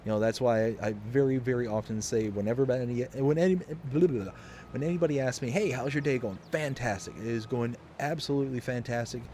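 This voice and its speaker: A man's voice: medium pitch, brisk, warm tone. Young man, from the US South, upbeat, rambling, chatty streamer, faint noise behind. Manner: upbeat, rambling, reads chat aloud. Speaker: livestream host. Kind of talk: casual live-stream chat.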